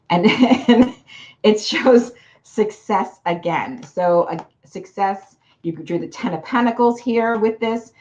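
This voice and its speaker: Woman card reader on a livestream, low-pitched, chatty, calls everyone hun, dull lo-fi sound. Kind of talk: casual livestream card reading.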